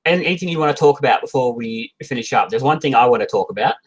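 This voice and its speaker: Male co-host, husky voice, animated delivery, casual live chat. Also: mid-range voice, quick pace, rough recording. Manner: animated, slips into silly character voices. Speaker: podcast co-host.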